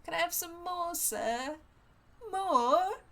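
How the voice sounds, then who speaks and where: Put-on bit: woman doing a high, overdone Cockney street kid, begging. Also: animated, sharp tone, full character voice. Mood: pleading. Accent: exaggerated fake Cockney. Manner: hammy, deliberately bad accent. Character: cartoonish Cockney street urchin boy, pleading.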